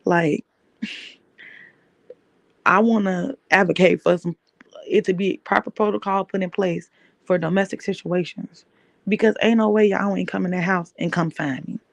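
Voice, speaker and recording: A woman's voice: fairly low pitch, steady tone, moderate pace, gravelly, long pauses, no echo. A woman podcast host telling a personal story in an emphatic way, repeating key phrases.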